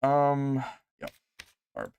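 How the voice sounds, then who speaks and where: A man streaming a game, talking casually and exclaiming often in excitement. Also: medium pitch, very slow, gravelly, lo-fi sound, slight background noise.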